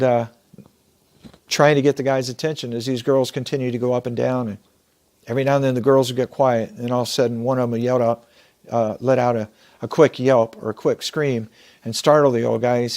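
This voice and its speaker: A man giving an earnest motivational talk, telling a story in a measured way and slowing down to stress his points. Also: medium pitch, fairly even intonation, darkish tone. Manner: measured, earnest, slows down for emphasis. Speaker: motivational speaker.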